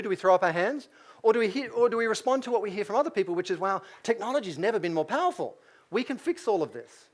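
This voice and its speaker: Lively Australian man giving a keynote. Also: sits high. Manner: lively, asks the audience questions, acts out quotes. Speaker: keynote speaker. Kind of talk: business keynote lecture.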